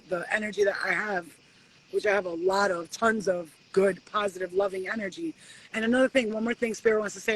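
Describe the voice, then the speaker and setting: A woman's voice: mid-range voice, a little hiss or hum, poor audio. Profane, preachy woman on a live stream. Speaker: spiritual reader hosting a live stream. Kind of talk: casual live-stream pep talk.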